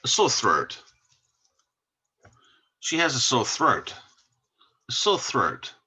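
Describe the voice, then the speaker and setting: A man teaching an English vocabulary lesson, saying each word slowly and repeating it for learners to copy. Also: medium pitch, wildly swooping pitch, bright, forceful tone, husky.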